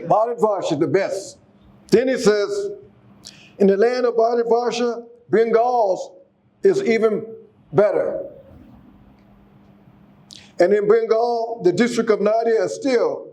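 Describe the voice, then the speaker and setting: A man's voice: sits high, mellow. A man giving a casual sermon, exhorting the congregation, often repeating and restarting his words. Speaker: speaker giving a class.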